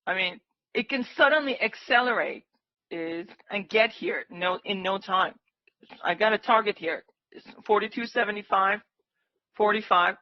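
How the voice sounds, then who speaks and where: A woman with a mid-range voice hosts a live day-trading stream, calling out price targets and excitedly cheering and pleading with the market. The recording is muffled with no room sound.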